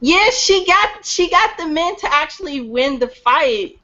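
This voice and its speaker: Argumentative woman, slightly high voice. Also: expressive, a little slow, bright, forceful tone, highs cut off. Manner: argumentative, casual swearing. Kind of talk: casual chat.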